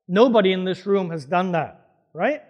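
High-voiced man preaching in a reverberant hall. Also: animated, moderate pace, muffled recording. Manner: emphatic, questioning the congregation. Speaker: pastor. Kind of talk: sermon. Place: church hall before a congregation.

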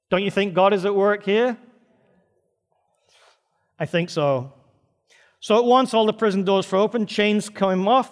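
A man preaching a sermon, retelling a story with dramatic, varied pacing. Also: high voice. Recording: reverberant church hall.

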